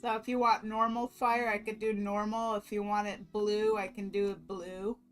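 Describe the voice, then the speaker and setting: A woman's voice: mid-range voice, level tone, moderate pace, soft background music. A woman artist chatting casually as she talks through each step of her drawing on a stream. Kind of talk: casual narration while drawing.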